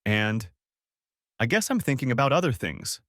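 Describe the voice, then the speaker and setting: A man's voice: mid-range voice, very animated, normal speed, a bit bright, no echo, clean studio sound. A man voicing an awkward, apologetic young man who stammers as he tries to fit in.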